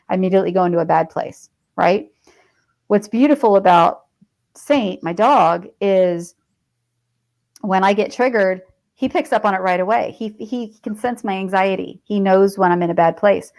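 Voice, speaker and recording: A woman's voice: lowish voice, vocal fry, darkish tone, poor audio. Chatty middle-aged woman telling stories. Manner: chatty and digressive, with frequent fillers and laughs. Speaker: podcast guest, veteran and author. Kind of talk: casual conversational storytelling.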